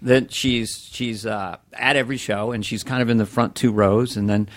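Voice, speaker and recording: A middle-aged man, a comedian guest in casual podcast chat, animated and slipping into voices. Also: normal speed, no room sound. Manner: animated, jumps in pitch, slips into voices.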